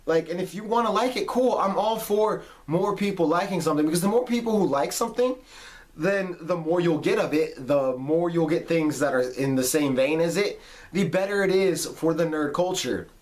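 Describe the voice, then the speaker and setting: On his vlog, a man in his late twenties launches into a heated, emphatic rant, swearing freely throughout the monologue. His voice runs on the high side with a darkish tone, and his pace is moderate.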